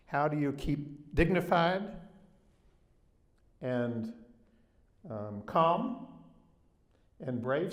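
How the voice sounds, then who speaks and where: An older man from the Southern United States with a Southern American accent, giving a public talk in a storytelling manner and leaning hard on key points. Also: mid-range voice. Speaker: guest speaker. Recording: echoey room.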